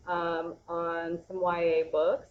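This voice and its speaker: A young woman speaking as a bookseller guest on a casual livestream, relaxed with filler words. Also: fairly low pitch, slow, narrow, tinny audio, slight background noise.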